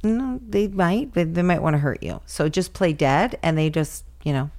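A woman's voice: lowish voice, normal speed, a little mellow. A middle-aged woman, a mother chatting easily with her daughter. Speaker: co-host, mother. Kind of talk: casual family chat.

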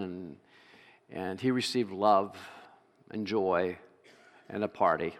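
A man preaching a sermon, reading scripture and then acting out a character's grumbling in an animated way. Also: lowish voice. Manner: animated, acts out the brother's grumbling. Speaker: pastor. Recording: reverberant hall.

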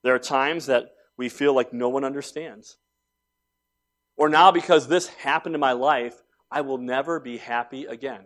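A man's voice: mid-range voice, moderate pace, fairly bright tone. A man in his forties preaching a sermon, telling stories conversationally and building to emphatic points. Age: 40s. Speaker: pastor.

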